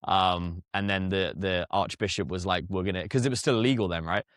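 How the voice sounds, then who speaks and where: Chatty English man, low dry voice. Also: fairly bright tone, clean tone, no room sound. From England. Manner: chatty, laughing asides, quick restarts. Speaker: podcast guest. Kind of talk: casual interview chat.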